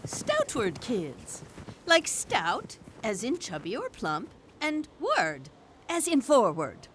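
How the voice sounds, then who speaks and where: A woman's voice: a little high, wildly swooping pitch, takes it slowly, noisy background, exaggerated voice. A woman playing a prim, fussy lady who talks in a disapproving way in an audio drama.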